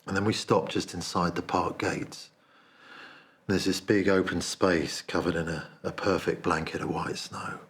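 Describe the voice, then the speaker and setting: A man performing a dramatic monologue as a remorseful man confessing a cowardly betrayal, speaking in a hushed, confessional way. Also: sits low, flat delivery, measured pace. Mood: haunted, confessional.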